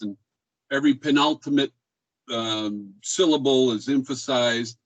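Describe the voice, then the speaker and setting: A man teaching music history in a relaxed lecture style, with frequent ums and uhs and his own voice used to show speech rhythms. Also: medium pitch, a little slow, dry recording, rough recording. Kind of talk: recorded classroom lecture.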